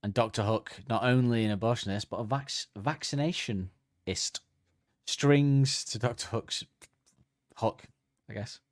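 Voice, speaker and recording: A man's voice: medium pitch, measured pace, dry recording. A man chatting on a comedy podcast, joking and riffing, tossing in goofy voices now and then. His voice sits in an ordinary middle register. The sound is dry and close, with no room around it. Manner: joking, slips into silly put-on voices. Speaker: podcast co-host. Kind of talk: casual comedic chat.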